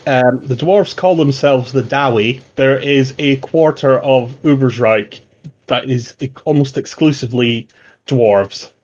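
A man's voice: a little slow, a little mellow, highs cut off, close to an everyday voice. A man doing a friendly young town guardsman. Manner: confiding, low-key helpful.

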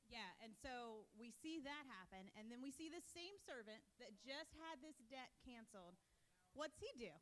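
High-voiced, emphatic female preacher. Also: expressive, moderate pace, fairly bright tone. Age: middle-aged. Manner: direct, emphatic preaching with rhetorical questions. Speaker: pastor. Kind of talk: sermon.

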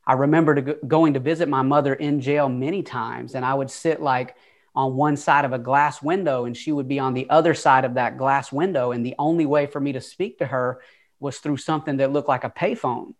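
A man's voice: mid-range voice, fairly even intonation, a little fast. A young man with a Southern twang tells his own story as an interview guest. He speaks openly and earnestly, with casual fillers, in an everyday mid-range voice. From Atlanta, USA. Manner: open, earnest, conversational with fillers.

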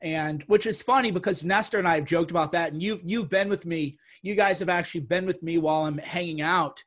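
A man's voice: fairly high pitch, brisk, a bit bright. A man hosting a casual podcast discussion who talks bluntly and swears freely, with an indignant edge.

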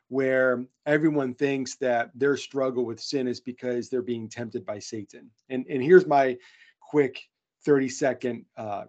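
A man's voice: mid-range voice, a little mellow. A man co-hosting a casual podcast, talking in an earnest, friendly way with frequent fillers and restarts. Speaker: podcast co-host. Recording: dull lo-fi sound.

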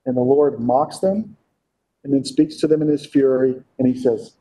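A man's voice: mid-range voice, fairly even intonation, normal speed, warm tone, rough recording. A man preaching a Bible-teaching sermon. He reads scripture aloud, explains it, and asks his listeners frequent rhetorical questions. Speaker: pastor.

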